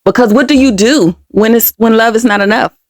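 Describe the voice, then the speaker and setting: A woman's voice: on the high side, a little fast, dry recording, clean studio sound. A young adult woman hosting a podcast, telling a personal story candidly and with feeling, speaking straight to her listeners. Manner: candid, emotional, addresses listeners directly. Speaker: podcast host.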